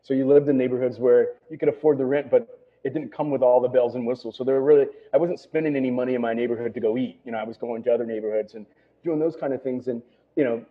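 Middle-aged man, restaurateur guest, quick rambling casual talk full of fillers, phone-line sound. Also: mid-range voice, steady tone. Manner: rambling, full of "you know" and "right?". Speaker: restaurant owner.

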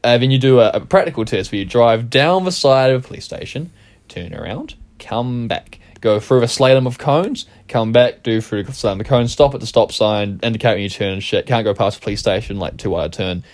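A man's voice: medium pitch, brisk, a little mellow. Swearing young New man. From New Zealand. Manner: profane, rambling, laughs through his stories. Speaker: podcast co-host. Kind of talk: casual storytelling chat.

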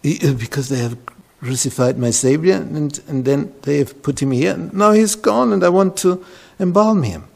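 A man voicing a grieving young woman who pleads in a raised voice, with a slow, husky, creaky delivery. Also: a little high, a little mellow, pitched above the performer's own voice. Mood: grieving, pleading. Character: grieving young woman searching for a lost loved one.

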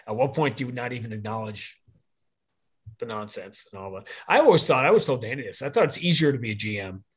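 A man with a lowish, slightly rough voice talks as a guest on a podcast in casual conversation. He rambles and offers strong opinions, frequently correcting himself mid-sentence.

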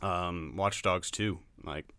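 A man's voice: deep voice, fairly even intonation, takes it slowly, sharp tone, smooth, no room sound. A man reviewing a video game in casual podcast chat, blunt and laughing often, swearing freely.

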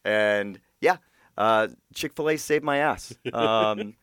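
Man, lowish voice, easygoing quipper, dry close mic. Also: slow, fairly bright tone, clear, resonant tone, dry recording. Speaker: podcast co-host. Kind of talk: casual chat.

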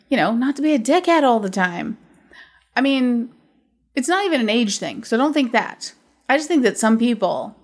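Brief blunt, foul-mouthed woman podcast host, casual storytelling rant, mid-range voice. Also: mid-range voice. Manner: blunt, profane ranting storyteller. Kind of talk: casual chat.

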